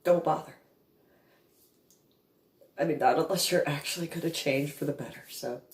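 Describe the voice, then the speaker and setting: A woman telling a painful family story to camera, in a halting, emotional way full of trailing restarts. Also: low voice. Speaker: vlogger recounting a family conflict. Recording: echoey room.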